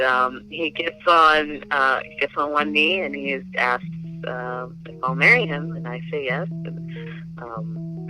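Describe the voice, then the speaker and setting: A man recounting a personal story in a relaxed, chatty interview. His tone is very bright and forceful, and his talk is loose and full of fillers. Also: medium pitch, low-quality recording. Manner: chatty, filler-heavy with many likes. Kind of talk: casual storytelling.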